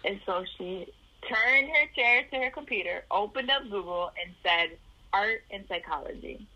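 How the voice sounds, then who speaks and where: A woman's voice: mid-range voice, animated, moderate pace, pushed and bright, dull audio. A woman from the Chicago area telling her life story in an interview, acting out the voices of the people in it.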